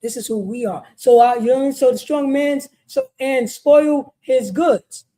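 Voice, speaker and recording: A woman's voice: high voice, unhurried, dark tone. A woman teaching a religious law class in an emphatic, repetitive street-style sermon, often asking "you know what I mean". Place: meeting hall.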